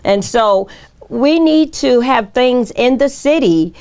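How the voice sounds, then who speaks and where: A woman answering as a candidate at a forum, talking in a halting way with many fillers and restarts. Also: fairly high pitch, expressive, a little mellow, clear, resonant tone. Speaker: mayoral candidate.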